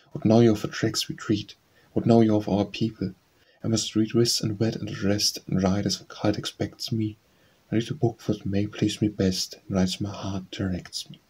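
Husky low man reciting verse flatly. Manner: steady, measured verse reading. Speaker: audiobook reader. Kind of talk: poetry recitation.

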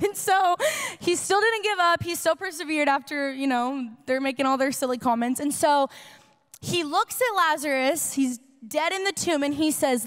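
A woman's voice: high-pitched, moderate pace, a bit bright, big-room sound. A woman youth pastor giving a sermon, chatty and conversational, acting out quoted dialogue and rising to passionate preaching. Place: church hall.

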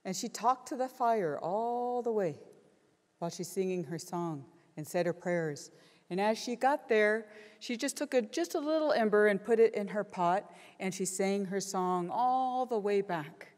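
A middle-aged woman giving a keynote address in a large conference hall, earnest and lively as she tells a story. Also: mid-range voice, a little slow. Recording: long reverb of a conference hall.

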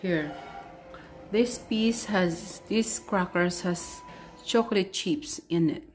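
A woman vlogger chatting casually while she tastes snacks, unhurried and talking between bites. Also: medium pitch, faint music behind. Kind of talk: casual food-tasting vlog.

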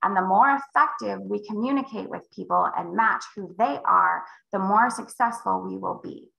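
A woman sales coach leading a live call, emphatic and acting out client conversations with big swings in pitch. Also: moderate pace, creaky, pushed and bright, echoey room, highs cut off. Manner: emphatic, role-plays client dialogue with big pitch jumps. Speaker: real estate sales coach.

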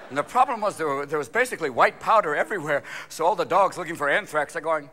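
A man performing live stand-up comedy on a theater stage, with a manic, rapid-fire delivery full of quick character voices and shouted punchlines. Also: a little high, lively intonation, a little hiss or hum. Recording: live stage recording with loud audience. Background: audience laughter and hall ambience.

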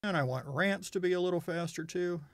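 Chatty male software reviewer, wry. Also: high-pitched, fairly quick, no room sound, clean studio sound. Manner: chatty, wry and candid, thinking aloud. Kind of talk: casual screen-recorded tutorial.

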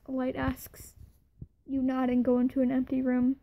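A woman reading a second-person fan fiction story aloud in a plain, even way. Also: sits high, measured pace, highs cut off.

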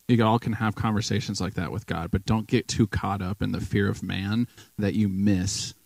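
Gravelly low-voiced man preaching casually. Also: a little mellow, no echo, poor audio. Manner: rambling, emotional, full of restarts and fillers. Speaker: guest preacher. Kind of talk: casual sermon storytelling. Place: church.

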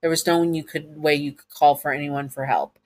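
A woman's voice: low-pitched, steady tone, a little fast. A woman narrating a second-person audio story to the listener, with casual asides.

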